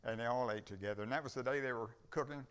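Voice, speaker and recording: A man's voice: medium pitch, quick pace, fairly bright tone, clear, resonant tone. An older man, a visiting preacher, telling a folksy story in a church service and acting out the dialogue as he goes. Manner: rambling storyteller, acts out dialogue. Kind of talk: folksy sermon testimony.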